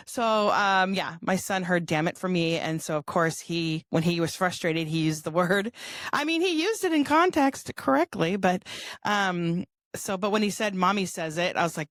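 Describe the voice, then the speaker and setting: A woman's voice: mid-range voice, moderate pace, a bit bright, no room sound, clean studio sound. A woman in her fifties from California, telling funny family stories as a guest in a casual interview, laughing often and acting out voices. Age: 50s. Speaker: guest author.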